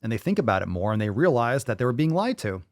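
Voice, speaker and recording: A man's voice: medium pitch, big pitch swings, fast, no echo, studio quality. A man hosting his fitness channel, reacting to clips with profane, exasperated ranting. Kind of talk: reaction commentary.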